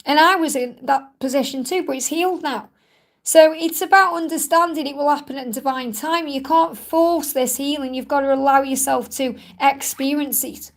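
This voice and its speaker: Woman psychic reader live on stream, high voice, gentle and reassuring, repeats her comfort. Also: fairly even intonation, normal speed. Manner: soothing, reassuring, repeats herself. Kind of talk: live-stream Q&A card reading.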